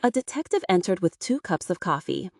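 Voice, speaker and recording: A woman narrating an audiobook for English learners, clear and expressive. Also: fairly low pitch, a little fast, no room sound, studio quality.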